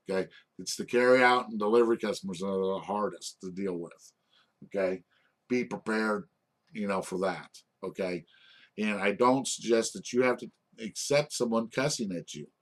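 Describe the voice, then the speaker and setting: Rambling man coaching restaurant managers. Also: on the low side. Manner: rambling, repeats "okay?" often, frequent restarts. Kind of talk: informal leadership lesson.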